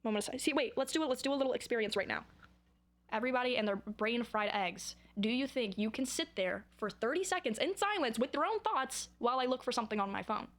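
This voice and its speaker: Young female vlogger, a bit high-pitched, rambling and silly to camera. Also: expressive, fast talker. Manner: rambling, goofy, self-mocking. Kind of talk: casual chat to camera.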